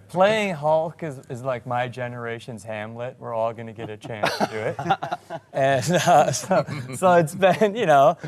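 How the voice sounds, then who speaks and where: An actor on a cast panel, telling a self-deprecating story with a laugh. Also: male voice, mid-range voice, animated, a little slow, noisy background. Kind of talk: casual anecdote telling.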